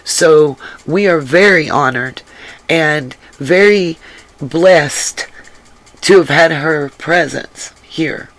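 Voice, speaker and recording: A woman hosting a casual livestream and reading the chat aloud, drained, her voice rough from crying, earnest and emphatic and given to repeating herself. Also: sits low, very slow, no echo, poor audio. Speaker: livestream host.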